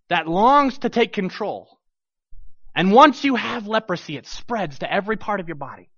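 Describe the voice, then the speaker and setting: A man with a high voice preaches a sermon, retelling a scripture story with big swings between loud bursts and hushed lines. The recording is dull and lo-fi. It is also dry, with no echo.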